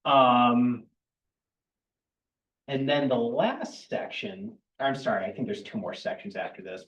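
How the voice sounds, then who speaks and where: A man at a town board meeting explains regulation updates in a plain, matter-of-fact way. He is mid-pitched. He sounds roomy and some distance from the microphone. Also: lo-fi sound. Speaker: town planning staff presenting at a board meeting.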